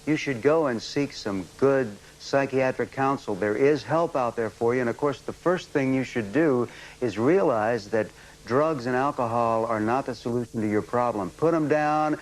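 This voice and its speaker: A man's voice: mid-range voice, normal speed, rough recording. A man on a talk show panel giving earnest, heartfelt advice. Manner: earnest, advising.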